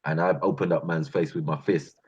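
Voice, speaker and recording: Man, slangy boastful storyteller, husky, muffled lo-fi recording. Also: a bass voice, a little fast. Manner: animated, slangy, boastful, breaks into laughs and sound effects. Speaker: channel host. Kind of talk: casual storytelling vlog. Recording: muffled lo-fi sound.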